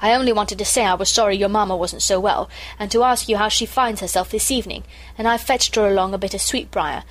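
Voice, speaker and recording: A woman's voice: medium pitch, quick pace, lightly acted, low-quality recording. A woman voicing a kindly but indignant railway porter, plain-spoken, in a storybook reading. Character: kindly, indignant working-class railway porter, adult man.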